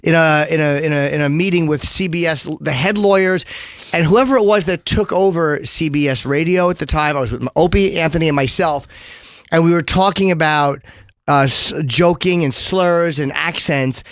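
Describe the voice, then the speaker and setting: A middle-aged man hosting a radio talk show, ranting in an animated, profane way. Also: fairly high pitch, normal speed, dry recording, studio quality.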